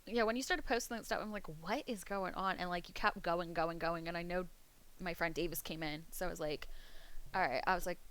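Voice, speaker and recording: A woman's voice: on the low side, quick pace, fairly bright tone, clean tone. A young woman from the US East Coast with a Pennsylvania-tinged East Coast accent, chatting casually to her viewers as a streamer, rambling, laughing often and swearing freely. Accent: East Coast American, Pennsylvania.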